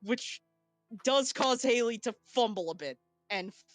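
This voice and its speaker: A woman narrating as game master of a tabletop game, with a halting delivery full of restarts. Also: a little high, expressive, no echo, faint music behind.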